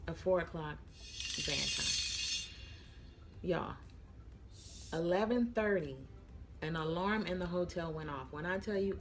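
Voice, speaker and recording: A woman's voice: low-pitched, noisy background. A young woman flight attendant chats casually to her viewers, tired and yawning, calling them y'all. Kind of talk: casual chat to camera.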